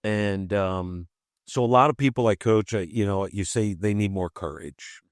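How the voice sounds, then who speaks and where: A man's voice: fairly low pitch, moderate pace, smooth, dry recording, clean studio sound. A man who works as a life coach, talking as a podcast guest and explaining his ideas through examples and casual asides. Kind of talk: conversational podcast interview.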